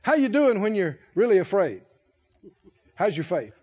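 A man preaches in a loose, conversational style, his voice pitched very high and swinging widely as he quizzes the congregation. He chuckles between points and keeps the room involved. The recording is dull and lo-fi. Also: very animated, normal speed, darkish tone. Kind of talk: conversational sermon.

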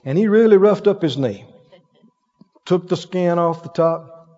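Preacher, male, lively storytelling sermon, high voice with big swings, dull sound with a long hall echo. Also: a little slow. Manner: animated storytelling with laughs and acted-out quotes.

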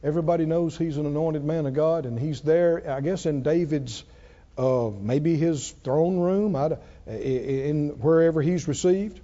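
A man preaching a sermon, swinging between loud, dramatic lines and hushed ones. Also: on the high side, moderate pace. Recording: muffled sound with long hall reverb.

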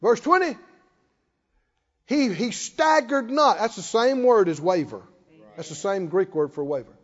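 Fervent high-voiced male preacher, hall echo. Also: animated, unhurried. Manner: fervent preaching, swings from hushed to shouted repetition. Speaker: pastor. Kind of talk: sermon. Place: church hall with congregation responding. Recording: dull hall reverb, lo-fi.

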